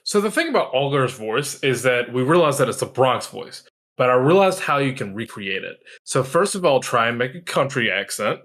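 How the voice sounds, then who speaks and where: A man's voice: mid-range voice, very animated, normal speed, fairly bright tone. A man co-hosting a podcast, chatting casually and playfully, explaining things step by step. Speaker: podcast co-host. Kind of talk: casual group discussion.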